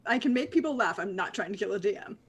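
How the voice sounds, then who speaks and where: A woman's voice: mid-range voice, lively intonation, fast, breathy edge, lo-fi sound. A woman playing in a tabletop game, joking in a dry way. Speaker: player. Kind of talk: casual tabletop play.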